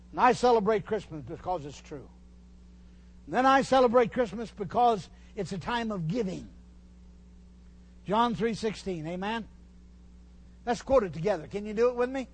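An older man preaching a folksy sermon in a church, teasing his congregation and pausing to restart his sentences. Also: high-pitched, animated, dry recording. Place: church hall.

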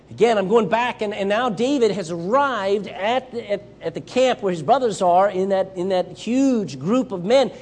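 A man with a Southern US accent preaching a sermon as a missionary, acting out Bible characters as he goes. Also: high-pitched. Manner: animated, acts out Bible characters.

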